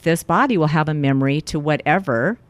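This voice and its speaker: In an interview, a middle-aged woman who works as a life coach tells a personal story at a fairly quick pace, her voice sitting low. She animatedly voices the quoted lines of the people in it, and the recording has no room sound.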